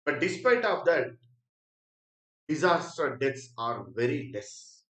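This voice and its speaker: A man teaching an exam prep lecture in Indian English, repeating key phrases and often clearing his throat. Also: on the high side, very animated, slow, a bit bright, roomy sound, distant mic, poor audio. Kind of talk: spoken lecture.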